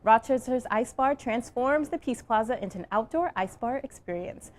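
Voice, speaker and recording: A woman hosting a local TV show, reading scripted segments and interviewing guests in a bright, upbeat way. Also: on the high side, lively intonation, normal speed. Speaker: TV show host.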